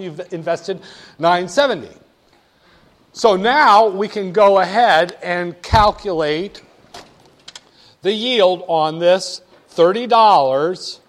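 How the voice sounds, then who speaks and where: A man lecturing a class, playful and teasing, talking straight to the students. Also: sits high.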